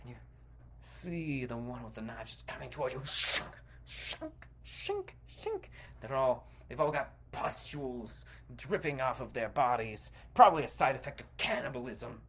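A man's voice: medium pitch, normal speed, slight background noise. A man hosting a podcast, narrating a comedic guided visualization in a playful, dramatic way with sound effects. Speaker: podcast host.

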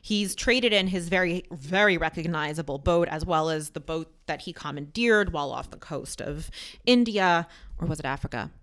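A woman's voice: on the low side, normal speed, fairly bright tone. A woman co-hosting a podcast, telling a history story casually with many asides. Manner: chatty, with frequent "um" and asides. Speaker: podcast co-host.

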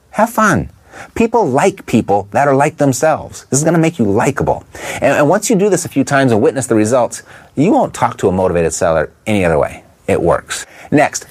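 Animated man coaching on sales calls. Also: mid-range voice. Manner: emphatic, asks quick rhetorical questions. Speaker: real estate investing coach. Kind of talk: instructional talk.

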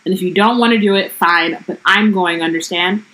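A woman's voice: lowish voice, brisk, a bit bright, poor audio. A woman co-hosting a casual book-discussion podcast, reading passages aloud and then riffing on them with frank, profane commentary.

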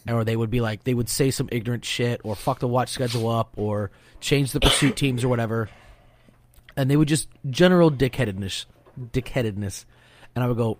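A man's voice: medium pitch, a little fast. Profane joking man on a podcast. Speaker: podcast co-host, former enlisted sailor. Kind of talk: casual chat.

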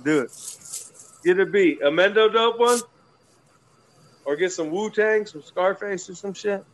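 Joking, swearing man, slightly high voice. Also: measured pace, rough recording. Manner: loud, joking, swearing freely. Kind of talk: casual chat among friends.

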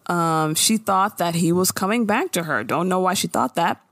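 A woman co-hosting a casual chat, recapping a TV episode with animated storytelling and acted-out lines. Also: on the low side, normal speed, no echo, clean studio sound. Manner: animated storytelling, acting out characters' lines with laughs. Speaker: podcast co-host recapping a TV episode.

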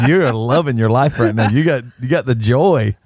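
A man's voice: medium pitch, unhurried, darkish tone, slightly rough, dry recording. A man hosting a podcast who chats casually, teases his co-hosts and laughs a lot. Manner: teasing, laughs often. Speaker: podcast host. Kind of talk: casual chat.

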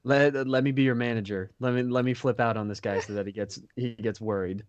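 A man's voice: medium pitch, steady tone, a little fast, dry recording, highs cut off. A man playing a tabletop game, talking casually and bluntly with some swearing. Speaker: player.

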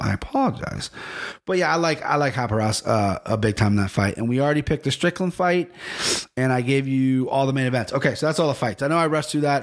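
A man hosting a podcast in casual chat, rambling, correcting himself often and swearing freely. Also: mid-range voice. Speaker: podcast host.

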